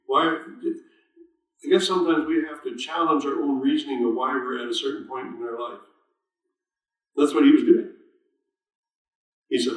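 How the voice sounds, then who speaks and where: A man of middling pitch leads a relaxed Bible study, talking through scripture in an easy, conversational way. He keeps stopping to quiz his listeners and gives the verses heavy stress as he reads them. His voice comes from some distance off the mic and rings through a very reverberant room. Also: moderate pace, pauses often. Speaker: Bible teacher. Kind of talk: informal Bible study sermon. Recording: very echoey room, voice far from mic.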